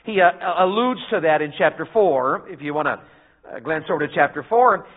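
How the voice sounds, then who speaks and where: A man's voice: fairly high pitch, animated, brisk. A middle-aged man with a Southern US accent preaching a revival sermon in a church, folksy and calling out to his congregation, preaching in bursts. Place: church sanctuary. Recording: phone-like narrow band.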